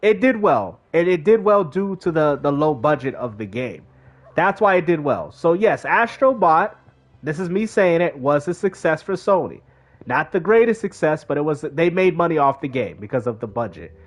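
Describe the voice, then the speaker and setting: A game streamer with a fairly high voice talks at normal speed in casual live-stream commentary. Animated and slangy, he keeps chatting with his chat.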